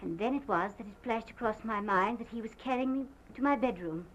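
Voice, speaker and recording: An actress playing a distraught planter's wife who gives a halting, theatrical statement in an early sound film. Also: female voice, on the high side, a bit bright, natural voice. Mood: shaken. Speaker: witness giving a statement. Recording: muffled 1929 film sound with faint hiss.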